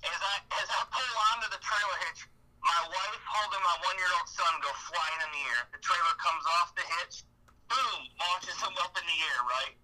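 Bright-voiced man telling stories. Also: high voice, normal speed, low-quality recording. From Ohio. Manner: animated storyteller with laughs and acted-out quotes. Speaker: guest hunter. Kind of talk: casual storytelling.

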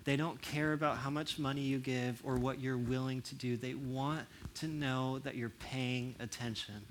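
A young man talking casually to an audience about relationships. He acts out quoted voices with big jumps in pitch and drops soft and low for serious points. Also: steady tone, normal speed, a little hiss or hum. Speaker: speaker on relationships.

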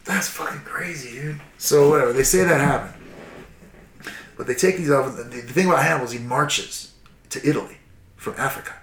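A man tells history in a loose, swearing, animated way, jumping into quick acted-out lines. His voice sits at an ordinary middle pitch. The recording carries a noticeable roomy echo. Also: a little hiss or hum. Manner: profane, animated, acts out shouts and quotes. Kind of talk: casual history storytelling.

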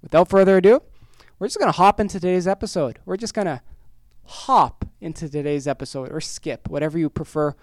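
Male podcast host from Canada, voice hoarse from overuse, fairly high, energetic jokey rambler in a dry close setting. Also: fairly quick, no room sound. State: voice worn out and hoarse. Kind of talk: casual solo podcast monologue.

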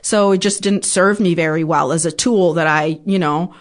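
Frank, low-voiced woman podcast guest. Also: fairly even intonation, normal speed. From Ukraine. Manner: frank, swears freely, acts out her past outbursts. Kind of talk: candid conversational storytelling.

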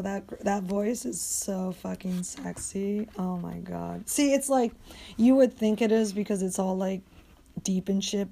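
A woman's voice: mid-range voice, dark tone. A young adult woman talking alone on her podcast in a casual, rambling way, blunt and full of swearing and fillers like "like".

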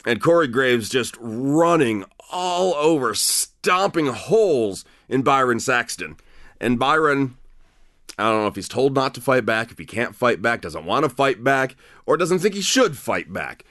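A man's voice: medium pitch, unhurried, no room sound, clean studio sound. A man hosting a podcast, talking through a wrestling review in a casual, opinionated way with lots of restarts. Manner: animated, opinionated, frequent restarts and fillers. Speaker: podcast host.

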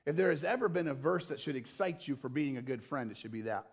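A young adult male pastor delivering a sermon to a church room, impassioned and rising to loud emphatic peaks, with plain talk between them. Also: medium pitch, expressive, fast talker. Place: church auditorium.

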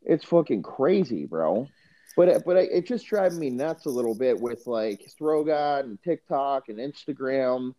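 A man's voice: mid-range voice, expressive, unhurried, mellow. A young man co-hosting a podcast in casual chat, rambling and profane, saying "dude" often. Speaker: podcast co-host. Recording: dull lo-fi sound.

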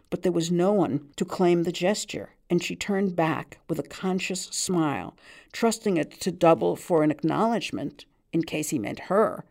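A woman reads a literary short story aloud. Her narration is measured and even, with a gravelly texture to the voice. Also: on the low side. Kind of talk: literary reading.

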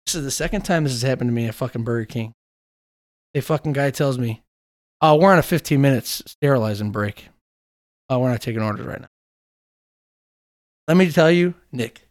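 A man in casual chat, telling long animated stories and swearing freely. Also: mid-range voice, a little fast, pauses often.

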